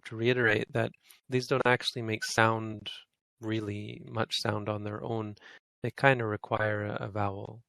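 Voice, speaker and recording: Man, language teacher, gravelly voice, dry close sound, patient explanations. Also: fairly low pitch, a bit bright, no room sound. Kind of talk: language lesson.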